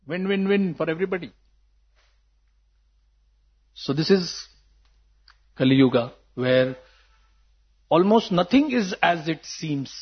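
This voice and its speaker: A man's voice: a little high, husky, highs cut off. A man giving a sermon, telling stories and asking rhetorical questions. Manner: storytelling with quoted voices, rhetorical questions. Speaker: preacher.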